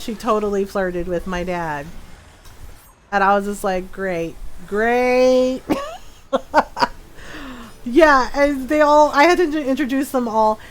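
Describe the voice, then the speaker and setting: A woman with a bright, high voice chats casually over her gameplay stream. She tells a long personal story, laughs often and changes her voice for each person she quotes. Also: rough recording. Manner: animated, laughs often, acts out quoted people. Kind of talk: casual storytelling while gaming.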